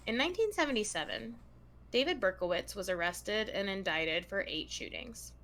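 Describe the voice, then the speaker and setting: Bright-voiced woman podcast host. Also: mid-range voice, lively intonation, normal speed. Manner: reads long passages aloud to a co-host in a casual tone. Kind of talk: true crime podcast chat.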